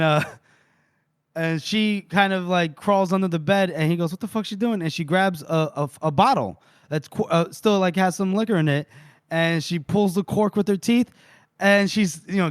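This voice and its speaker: A man's voice: on the high side, clean tone, no echo, clean studio sound. Laughing man recapping a novel. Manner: retells scenes with quick put-on voices, laughs often. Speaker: podcast co-host. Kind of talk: casual book-club recap.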